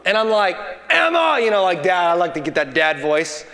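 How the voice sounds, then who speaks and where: A man's voice: fairly high pitch, fairly quick, a bit bright. A pastor in his thirties preaching a sermon, building to emphatic bursts and telling family stories. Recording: long hall reverb.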